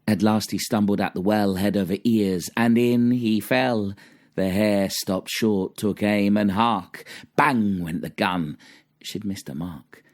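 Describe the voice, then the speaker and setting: A man's voice: fairly low pitch, takes it slowly, no echo, studio quality. A man reading old cautionary children's verse aloud in a dramatic, rhythmic recitation. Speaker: reader.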